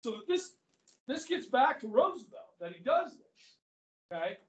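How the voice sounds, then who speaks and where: A man's voice: very high-pitched, very animated, unhurried. A male history teacher giving a classroom lecture, chatty, asking the class questions and acting out quotes. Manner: conversational, asks the class questions, acts out quotes. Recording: roomy classroom audio from far off.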